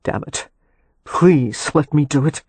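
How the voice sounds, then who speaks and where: A man's voice: a little high, takes it slowly, darkish tone, husky, no echo. A man voicing an intense, hungry young husband who talks raggedly and urgently in a romance audiobook. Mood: ragged longing.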